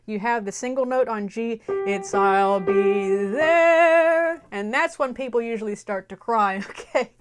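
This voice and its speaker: A young woman speaking at normal speed with hardly any pauses teaches a music lesson, her voice a little high. She explains the melody, then illustrates it by singing short phrases.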